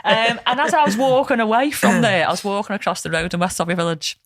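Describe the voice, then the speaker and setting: A woman's voice: medium pitch, animated, quick pace, no room sound. A woman with a Liverpool accent hosting a podcast in casual chat, talkative, swearing freely and laughing often. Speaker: podcast host.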